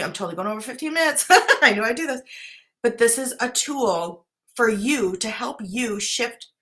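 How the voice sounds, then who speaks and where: Bright-voiced earnest woman coach. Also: mid-range voice. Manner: chatty, earnest, says "right?" often. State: briefly choked up at times. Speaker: life coach. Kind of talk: casual talk to camera.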